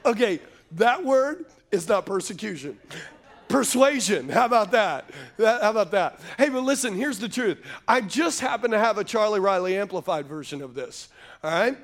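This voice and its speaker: A man's voice: high-pitched, expressive, moderate pace. A male pastor preaching a sermon to a live congregation, joking between points and calling for the crowd to answer. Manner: call-and-response preaching, asks the crowd to answer; jokey asides between points. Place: church sanctuary before a live congregation.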